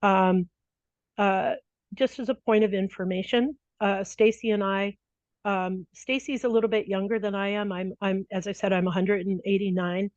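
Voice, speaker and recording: A woman in a conversational interview, telling stories with animated energy, laughing often and restarting her sentences as she goes. Her voice sits in a middling pitch. The recording is dull and slightly lo-fi, with a close, dry sound. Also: moderate pace, no room sound. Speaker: disaster mental health responder.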